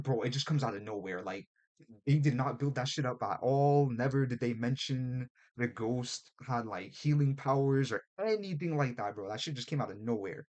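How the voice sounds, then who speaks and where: Profane, animated man on a podcast. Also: medium pitch. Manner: profane, animated retelling with mock voices. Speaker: podcast co-host. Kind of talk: casual podcast chat.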